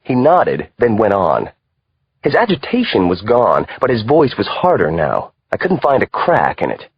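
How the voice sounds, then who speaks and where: A man reading a thriller audiobook aloud in a measured, expressive way. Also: lowish voice, husky, no echo, muffled recording. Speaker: audiobook narrator. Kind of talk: scripted narration.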